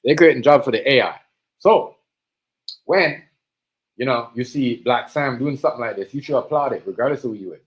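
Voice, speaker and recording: Brief: male streamer, casual rant, slang-heavy, repetitive, mid pitch. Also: brisk, long pauses, muffled recording. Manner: animated, street slang, repeats himself. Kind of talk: casual livestream monologue.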